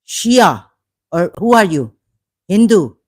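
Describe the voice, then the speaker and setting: A woman hosting a live stream, slowly and indignantly scolding commenters in the chat. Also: medium pitch, sing-song, darkish tone, slightly rough. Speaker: channel host answering live chat.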